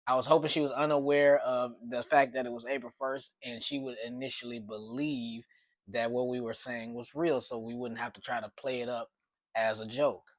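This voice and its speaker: A man telling a story casually, at a mid pitch. He rambles, restarts and repeats himself as he goes. The sound is dry and close-miked. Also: fairly even intonation, moderate pace, no echo.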